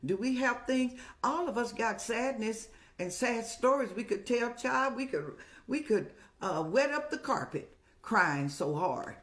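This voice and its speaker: A woman's voice: on the high side, animated, unhurried, fairly bright tone. Folksy motherly woman giving advice. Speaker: advice show host. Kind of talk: casual advice talk.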